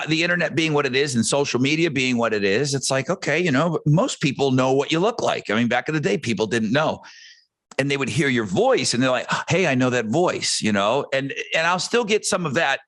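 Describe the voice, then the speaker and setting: A man's voice: animated, a little fast, a bit bright. A man who hosts radio, chatting casually on a podcast and acting out quotes in his stories. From United States. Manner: storytelling, acts out quotes with big pitch swings.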